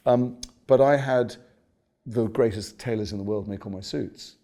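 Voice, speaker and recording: A British actor telling stories in an interview, animated and self-mocking. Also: male voice, mid-range voice, moderate pace. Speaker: actor guest. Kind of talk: conversational interview.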